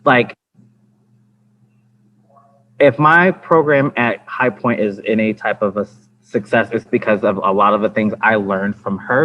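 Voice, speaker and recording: A man who teaches dance chats casually on a podcast, rambling with lots of fillers and restarts. His pitch is fairly low, and there's slight background noise in the slightly dull lo-fi recording with faint ambience.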